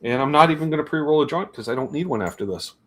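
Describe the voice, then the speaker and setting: A man's voice: fairly high pitch, animated, rapid-fire, a little hiss or hum. A man with a Canadian accent hosting a casual chat, rambling and jokey with plenty of swearing. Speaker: host. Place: home music room with guitar pedals.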